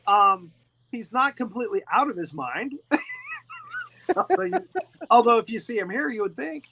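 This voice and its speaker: Bright, lively-voiced man chatting about a movie. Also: extremely high pitch, normal speed, gravelly, husky, low-quality recording. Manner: rambling, laughs often, repeats words. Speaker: host. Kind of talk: casual movie discussion.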